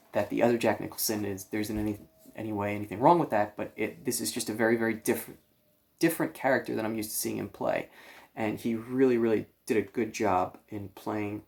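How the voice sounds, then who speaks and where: A man giving a casual spoken film review for a library channel, thoughtful and halting, with many fillers and restarts. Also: lowish voice, vocal fry, darkish tone.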